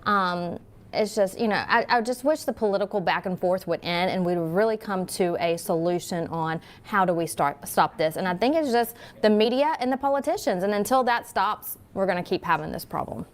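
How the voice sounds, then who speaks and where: A woman's voice: mid-range voice, fairly quick. A young woman co-hosting a news program, speaking emphatically and emotionally, repeating phrases for stress. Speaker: news co-host. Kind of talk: conversational news commentary.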